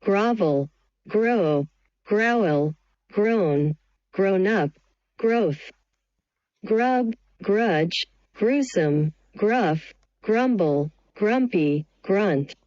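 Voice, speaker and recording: A woman's voice: medium pitch, expressive, drawn-out words, darkish tone, no echo, highs cut off. A woman reading English vocabulary words one at a time, each evenly spaced. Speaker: vocabulary reader. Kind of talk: slow word-list reading.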